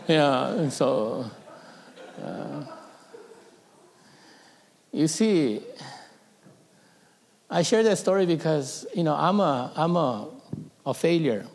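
A man's voice: on the high side, animated, slow, vocal fry, pauses often, a little mellow. A middle-aged man, a pastor, telling a personal story in a sermon, emotional and at times dropping to a whisper.

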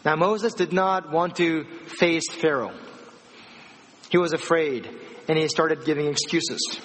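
Man, preacher, lively storytelling sermon, slightly high voice, long hall reverb. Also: takes it slowly. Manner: animated storytelling, acting out dialogue.

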